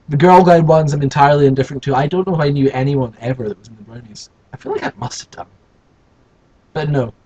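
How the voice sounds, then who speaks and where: A man's voice: on the high side, darkish tone, husky, poor audio. Sarcastic man reading a storybook. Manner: sarcastic, rambling asides. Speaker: host reading a children's book. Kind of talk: storybook reading with comic asides.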